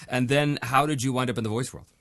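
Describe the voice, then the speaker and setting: A man hosting a voice-acting podcast in a casual interview, chatty and quick to laugh. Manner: chatty, laughs often, lively swings in pitch. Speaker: podcast host.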